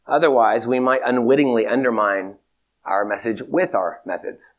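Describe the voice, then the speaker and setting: A man giving a theology lecture in a measured, emphatic way, repeating his key points. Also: medium pitch. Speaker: teacher.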